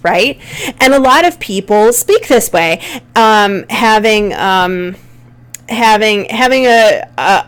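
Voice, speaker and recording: A woman from Buffalo with a Western New York accent, giving a conversational recorded college lecture on a play, with frequent fillers. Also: mid-range voice. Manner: conversational, many fillers, reads examples aloud. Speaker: college English teacher.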